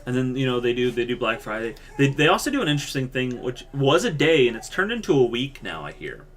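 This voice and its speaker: A man's voice: medium pitch, fast talker. Joking male podcast co-host. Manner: joking, animated, mock voices when quoting. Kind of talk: casual chat.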